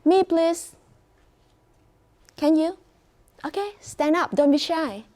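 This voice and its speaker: A woman with a Vietnamese accent teaching an English class, speaking slowly and clearly, praising and prompting students. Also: extremely high pitch, darkish tone.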